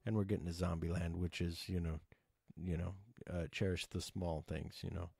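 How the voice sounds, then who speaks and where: A middle-aged man hosting a podcast, telling rambling personal stories in casual chat, swearing freely and filling pauses with "uh" and "you know.". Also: deep voice, flat delivery, creaky, mellow, husky, no room sound. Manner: rambling, profane, lots of fillers. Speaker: podcast host.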